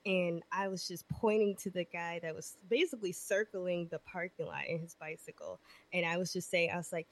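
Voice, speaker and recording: Woman, twenties, lowish register, lively profane storyteller for a casual chat show. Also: brisk. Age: 20s. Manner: animated, profane, acts out voices in her stories.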